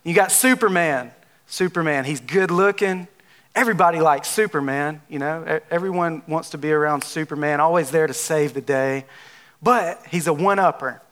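A man's voice: on the high side, moderate pace, fairly bright tone. A man pastor giving a casual, joking sermon, talking with the congregation. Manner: playful, conversational, jokes with the audience.

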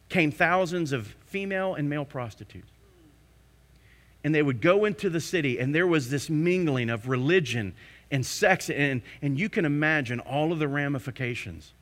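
Bright-voiced impassioned male preacher. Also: fairly high pitch. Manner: impassioned preaching, swinging from hushed to loud. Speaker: pastor. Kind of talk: sermon.

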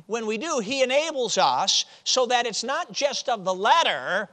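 A man from Chicago preaching a sermon, moving from loud stressed phrases to quiet, low drops. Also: big pitch swings, normal speed, few pauses. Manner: swings from loud emphasis to quiet drops, with chuckles.

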